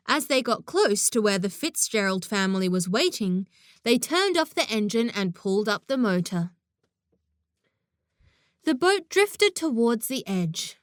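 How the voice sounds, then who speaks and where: A woman narrating a children's audiobook in an expressive storytelling manner, close to the mic. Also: on the high side, no room sound.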